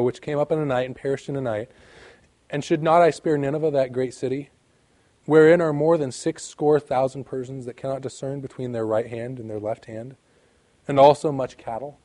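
A man's voice: mid-range voice, warm tone. A man preaching a sermon, reading scripture aloud with emphatic rises and drops in his delivery. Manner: emphatic, rising and falling, reads scripture aloud.

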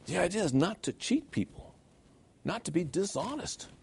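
A man preaching a sermon in a church, animated and rhetorical, often checking in with "okay?". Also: sits high, normal speed, creaky, husky. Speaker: pastor.

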